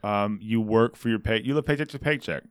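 Joking comic chatting. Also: male voice, on the low side, brisk, clear, resonant tone, dry recording, clean studio sound. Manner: joking, rambling with restarts. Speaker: comedian podcast co-host. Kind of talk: casual chat.

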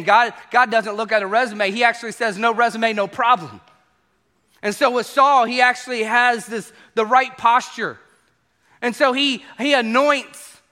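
A man preaching a sermon to a congregation as pastor, animated and acting out quoted voices. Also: high voice.

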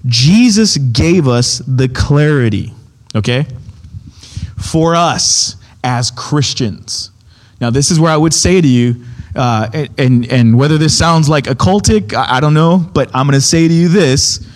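A man's voice: fairly high pitch, measured pace. A man teaching from the Bible in a conversational sermon, emphatic and repeating his key points. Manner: emphatic, keeps checking in with "okay?". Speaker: preacher.

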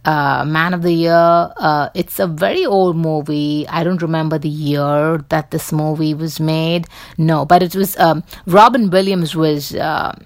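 Woman host, lower voice, casual rambling commentary, dry close sound. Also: steady tone, measured pace, no room sound. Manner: rambling, many fillers and restarts. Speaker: podcast host.

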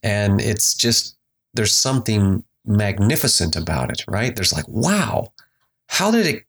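Man, low voice, relaxed, conversational, mindfulness teacher, guided breathing. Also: slightly rough. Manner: relaxed, conversational, slows for emphasis. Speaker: spiritual teacher. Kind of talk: motivational talk with guided breathing. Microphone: desk microphone.

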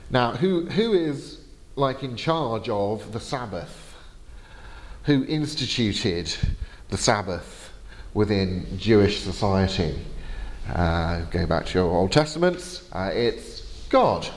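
A man's voice: on the low side, animated, takes it slowly. A man giving a university lecture, explaining step by step with frequent hesitations. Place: lecture hall. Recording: long hall reverb.

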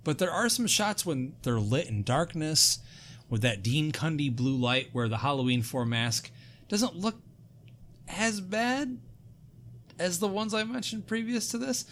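A man hosting a podcast in casual chat, excitable, jokey and full of swearing. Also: fairly high pitch, a little slow, a little hiss or hum. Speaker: podcast host.

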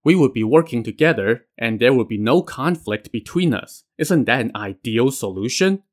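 A man's voice: medium pitch, expressive, moderate pace, natural voice. A man voicing a boastful, scheming male immortal apprentice who persuades and brags in a storybook tale. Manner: persuasive, bragging.

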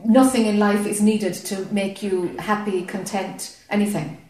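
A woman speaking as a spiritual teacher to a group, calm, slow and encouraging. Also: medium pitch. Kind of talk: satsang dialogue. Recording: very echoey, distant in a hall.

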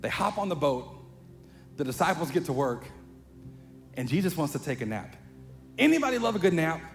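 A pastor preaching a sermon in a chatty, conversational way, building to animated emphasis. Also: male voice, fairly high pitch, brisk, creaky. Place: church sanctuary. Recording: long hall reverb, faint music.

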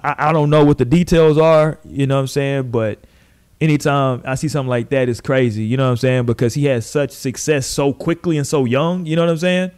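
A man hosting a podcast, telling stories in casual, profane, animated chat and mimicking the people he describes. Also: mid-range voice, brisk, smooth. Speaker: podcast host.

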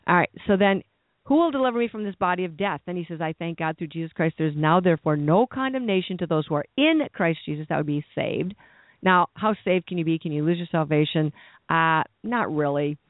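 A man's voice: on the high side, no echo. A man preaching a sermon in a conversational, rambling way, asking the listeners questions and adding asides. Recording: dry, narrow phone-like sound.

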